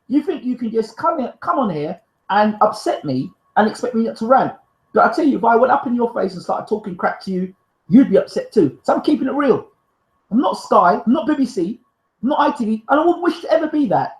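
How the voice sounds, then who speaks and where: A man's voice: very high-pitched, roomy sound, rough recording. A man hosting a live stream, reading out viewer comments and arguing back in a fiery, defensive, emphatic way. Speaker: live show host.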